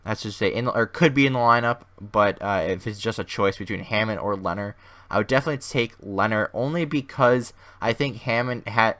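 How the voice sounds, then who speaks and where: Hoarse low-ish guy doing chill game commentary, rambles and restarts a lot. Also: fairly bright tone. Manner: rambling, thinks aloud with many restarts. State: hoarse, losing his voice. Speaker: gaming channel host. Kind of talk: casual video game commentary.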